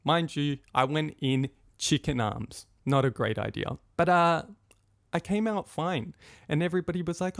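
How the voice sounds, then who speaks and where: A young man tells a personal story on his podcast with plenty of life, slipping into the voices of his friends and of his own past thoughts. His voice has a gravelly edge. The recording is dry and close, with no room sound. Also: fairly high pitch, normal speed, no echo. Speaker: podcast host.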